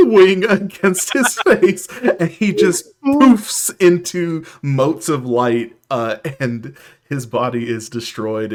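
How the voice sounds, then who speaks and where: A man runs a tabletop game as game master. He narrates with excitement and a lot of fillers. His voice sits at a middle pitch.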